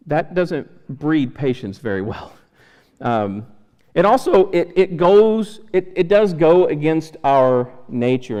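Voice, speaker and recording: A man preaching in a church, relaxed and conversational, acting out little voices along the way. His voice sits a little high for a man. The sound rings with a long reverb from the sanctuary around him. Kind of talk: sermon.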